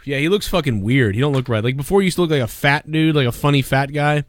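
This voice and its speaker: A man's voice: a little high, fast, dry recording. Foul-mouthed guy rambling and trash talking on a podcast, dry close mic. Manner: profane, rambling, mocking. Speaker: podcast host. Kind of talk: crude casual chat.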